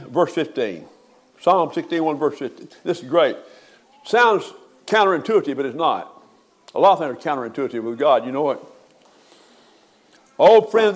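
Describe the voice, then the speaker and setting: Older man, high-voiced pastor; folksy funeral sermon with emphatic swells.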